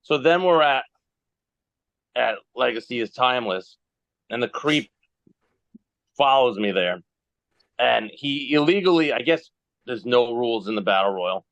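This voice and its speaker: A man's voice: medium pitch, expressive, unhurried, pauses often, a bit bright, no echo, lo-fi sound. A man telling rambling, self-mocking stories in a casual podcast chat over a phone video call. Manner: rambling storyteller who laughs at himself. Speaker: guest wrestler.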